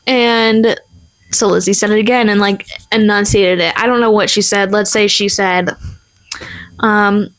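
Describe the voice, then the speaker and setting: A young woman co-hosting a casual podcast, chatting through a family story. She talks in an animated way, full of fillers. She jumps into the voices of the people in her tale. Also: medium pitch, a little slow. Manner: animated, acts out quoted people, many fillers. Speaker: podcast co-host.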